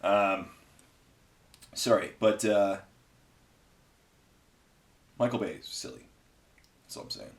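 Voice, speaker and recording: Man, fairly low voice, casual rambling chat, painting tutorial host, lots of ums. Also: slow, pauses often. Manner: rambling, chatty, many fillers. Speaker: hobby painting video host.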